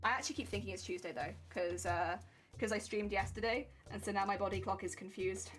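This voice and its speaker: A woman's voice: mid-range voice, fairly even intonation, a little fast, a bit bright, soft background music. A woman with an English accent chatting casually on a live stream while sewing a costume. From England. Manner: chatty, rambling, fillers like "like" and "heck yeah".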